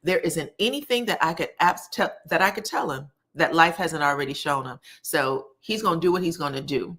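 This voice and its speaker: A woman hosting a casual live recap of a reality show, her voice sitting a little low. She chats freely, calls her viewers baby and honey, and jumps up in pitch whenever she acts out what the cast said. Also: fairly quick, husky. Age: adult, married. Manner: acts out quotes from the scenes with lively pitch jumps.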